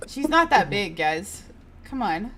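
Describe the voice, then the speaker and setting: A woman's voice: medium pitch, very animated, slow, a crowd in the background. A woman playing in a tabletop game over an online call, chatting and narrating her character's actions. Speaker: player. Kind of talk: casual tabletop game chat.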